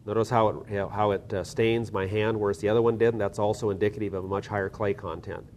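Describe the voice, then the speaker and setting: Man, lower voice, soil science instructor, methodical step-by-step demo, faint rumble behind. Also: flat delivery, fast, darkish tone. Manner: methodical, explains step by step with small restarts. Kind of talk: hands-on lab demonstration.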